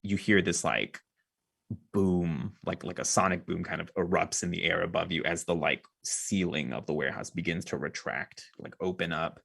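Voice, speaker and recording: A man's voice: deep voice, normal speed, gravelly, fairly bright tone. A man narrating a tabletop game as game master, in a loose, chatty way full of fillers.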